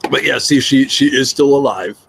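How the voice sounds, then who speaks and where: A man's voice: medium pitch, normal speed, creaky, a bit bright, a little hiss or hum. A middle-aged man chatting casually on a morning livestream, reading out comments and joking. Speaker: livestream host.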